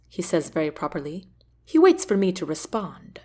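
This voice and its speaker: Woman reading her novel out loud, first person, lots of ups and downs in her voice. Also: on the low side, normal speed. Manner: expressive, varied reading. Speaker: audiobook narrator.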